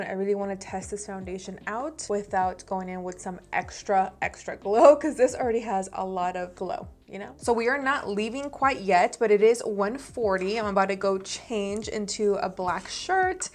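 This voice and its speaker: A woman's voice: medium pitch, normal speed, hardly any pauses. A woman in her thirties doing a chatty, bubbly makeup review vlog, talking straight to her viewers. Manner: chatty, bubbly, talks to viewers as "you guys". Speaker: beauty vlogger.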